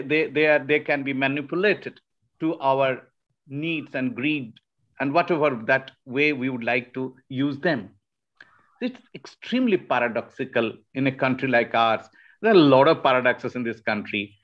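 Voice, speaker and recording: A man from northeast India giving an academic webinar talk, pausing often and restarting his sentences. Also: medium pitch. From Shillong, Northeast India. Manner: hesitant, frequent restarts and fillers. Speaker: webinar speaker. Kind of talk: academic lecture. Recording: muffled online webinar audio.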